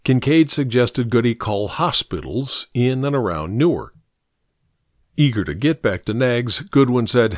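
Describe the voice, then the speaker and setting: A man narrates an audiobook with lively, shifting pitch. His voice is recorded dry and close with no room sound. He tells the story in a steady, expressive way. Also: a little slow, dry recording.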